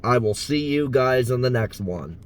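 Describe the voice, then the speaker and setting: A man's voice: mid-range voice, expressive, moderate pace. A man from the US South talking casually in a vlog as an impressionist, hesitant and full of fillers. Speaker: impressionist vlogger.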